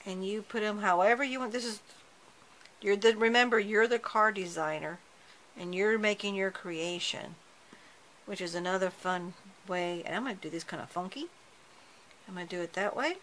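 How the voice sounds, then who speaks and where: A chatty woman talks through a card-making project, breaking off and restarting as her hands stay busy. Her voice is bright and forward. A faint hum of room noise sits behind her. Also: mid-range voice, moderate pace, long pauses, rough recording. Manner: chatty, self-correcting while working with her hands. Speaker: card-making tutorial host. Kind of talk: casual craft tutorial narration.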